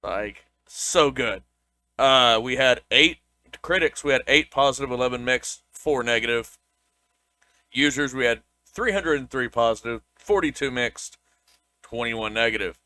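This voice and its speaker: Brief: young male co-host, casual chat; bright, dry close sound. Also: medium pitch, unhurried, smooth, no room sound. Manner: loose, laughing, stumbles and restarts often. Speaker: podcast co-host.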